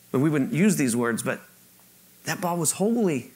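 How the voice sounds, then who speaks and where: A man's voice: mid-range voice, very animated, normal speed, darkish tone, breathy edge. A man preaching a sermon to his church, talking conversationally, often repeating words as he restarts and asking the congregation questions. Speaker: pastor. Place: church auditorium.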